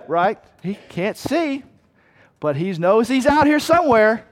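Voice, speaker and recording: A man preaching a sermon as pastor, animated, acting out voices and cries and repeating lines for effect. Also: sits high, measured pace. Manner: animated, acts out voices and cries, rhetorical repetition.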